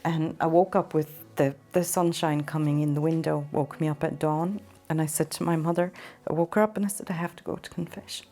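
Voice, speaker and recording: A woman from Ireland giving an earnest, halting personal testimony in an interview, sometimes emotional. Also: low voice, fairly even intonation, warm tone, faint music behind. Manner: earnest, halting storytelling with restarts. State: emotional at times. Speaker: interview guest.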